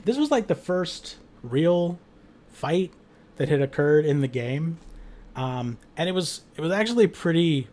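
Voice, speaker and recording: Unhurried but lively in intonation, this man's voice is on the high side with a darkish tone. Casually retelling a tabletop game he ran as game master, he rambles, fills his speech with "like," curses and laughs often.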